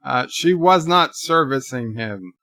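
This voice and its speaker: A channel host and commentator reacts live while watching a TV episode, thinking aloud and describing scenes as they play. His medium-pitched voice is expressive, bright and forceful, and he takes it slowly on a dry recording.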